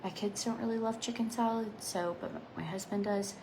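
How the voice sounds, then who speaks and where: A makeup vlogger in her thirties chats casually, rambling between asides, with her phrase endings often fading into a soft near-whisper. She has a steady, medium-pitched voice and talks fairly quickly over background noise.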